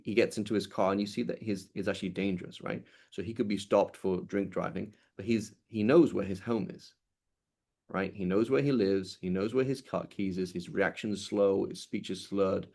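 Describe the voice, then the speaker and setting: A man teaching a classical legal text in a conversational way, reading passages aloud quickly and then explaining them with many restarts. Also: lowish voice, gravelly, a little mellow.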